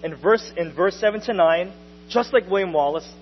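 A young adult man preaching a sermon to his church, casual and lively, with slang and joking asides. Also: high-pitched, normal speed. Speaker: pastor. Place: church hall. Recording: dull sound with long reverb and faint hum.

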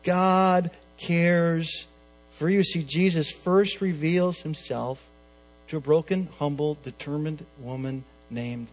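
A man preaching a sermon, swinging between loud emphatic lines and soft hushed phrases. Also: high voice.

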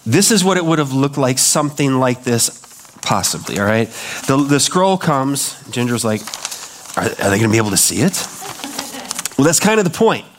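A male pastor preaching in a loose, conversational way. His voice sits a touch higher than most men's, and he sinks lower and slower when he presses a point home. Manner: conversational preaching, acts out quoted voices, drops low and slow for emphasis. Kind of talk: sermon.

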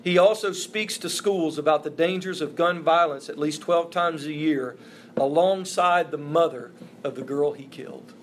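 A man's voice: fairly high pitch, normal speed, a little hiss or hum. A man preaching a sermon as a pastor, earnest and emphatic, with repeated phrases for stress. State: emotional, voice breaking.

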